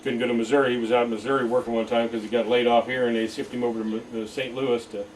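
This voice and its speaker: A man talks quickly and plainly through family events in a matter-of-fact tone. He is recorded from some distance, with faint noise behind him. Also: medium pitch, flat delivery. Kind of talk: casual storytelling. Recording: distant mic.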